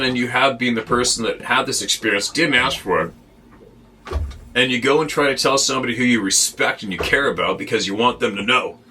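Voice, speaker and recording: Blunt, swearing man with a bright voice. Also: mid-range voice, slight background noise. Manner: blunt, profane and exasperated. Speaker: host. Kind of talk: ranting monologue to camera. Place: on a boat.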